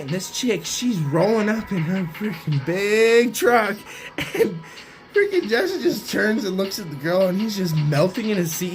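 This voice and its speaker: A young man spins a loose, chatty story and keeps checking in with his listener. His voice sits a little high, and soft music plays underneath. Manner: rambling anecdote, keeps tagging lines with "right?". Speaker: vlogger. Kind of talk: casual storytelling.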